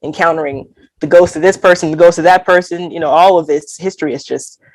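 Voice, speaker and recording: A woman's voice: on the low side, fairly even intonation, quick pace, a little mellow, no echo. A woman from Alabama, speaking as a guest poet in an interview, talking candidly and earnestly with light laughs and quoted inner thoughts. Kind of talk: reflective conversational interview.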